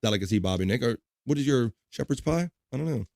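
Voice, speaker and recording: A man's voice: medium pitch, lively intonation, fast talker, vocal fry, a little mellow, dry recording, clean studio sound. A man hosting a casual livestream, joking around and reading viewer comments aloud. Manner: upbeat, jokey, reads chat messages aloud. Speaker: livestream host.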